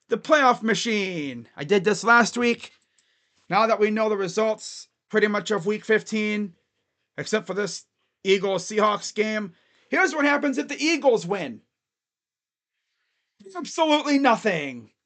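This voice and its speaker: A man's voice: high voice, a bit bright. A man hosting a casual sports fan livestream, rambling loosely and talking to his chat.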